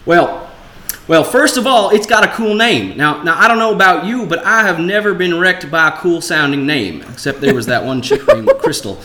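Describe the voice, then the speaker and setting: A man's voice: fairly high pitch, animated, normal speed, few pauses, noisy background, lightly acted. A man putting on a Southern American accent to play a rambling, boastful crypto salesman. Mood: hyped.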